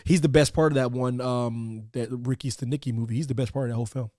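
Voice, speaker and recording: A man hosting a casual podcast, animated and laughing often, repeating phrases for emphasis. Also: mid-range voice, fast talker, dry recording, clean studio sound. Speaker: podcast host.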